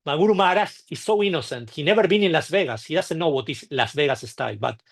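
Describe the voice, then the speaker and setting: A man telling anecdotes at a temple gathering, halting and restarting often, acting out the people in his stories. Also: a little high, gravelly. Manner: halting, with frequent restarts and repeated words. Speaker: devotee sharing memories at a temple. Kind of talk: anecdotal storytelling talk.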